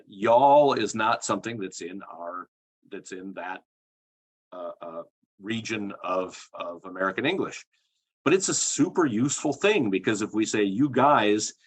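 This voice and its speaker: A man's voice: mid-range voice, slightly rough. A middle-aged man from Minnesota, a professor explaining ideas in an interview, hesitant and full of fillers. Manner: hesitant, many fillers and restarts. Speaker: guest, psycholinguistics professor.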